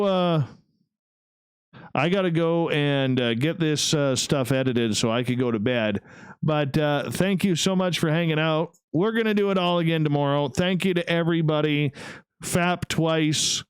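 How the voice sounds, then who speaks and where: A man's voice: medium pitch, clean tone, no room sound, studio quality. A man hosting a radio show, rambling and joking with swearing in a casual after-show chat while he edits.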